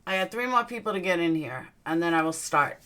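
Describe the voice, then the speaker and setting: Young Southern woman, livestream host, slightly low voice, upbeat greetings. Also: a little fast. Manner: greets viewers by name in a lively upbeat way. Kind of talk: casual livestream chat.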